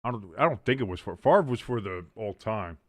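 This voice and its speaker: A man hosting a live watch-along stream, calling the plays casually and jumping sharply in pitch and volume on big moments. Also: expressive, fairly quick, no room sound. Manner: mumbles and scats to himself while thinking. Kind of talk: casual live play-by-play commentary.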